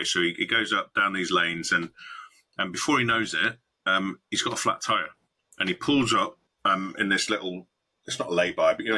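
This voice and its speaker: A man's voice: low voice, bright, forceful tone, slightly rough. A man telling a joke in casual podcast chat, easygoing, who calls dad jokes his thing. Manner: easygoing, self-styled dad-joke teller.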